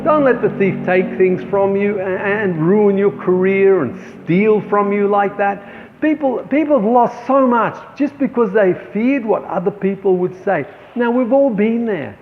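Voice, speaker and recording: A man's voice: high-pitched, measured pace, slight background noise. A man, a painter, giving an encouraging motivational talk to fellow artists, calling them friends. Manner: encouraging, addresses viewers as friends. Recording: echoey, tinny phone-like sound.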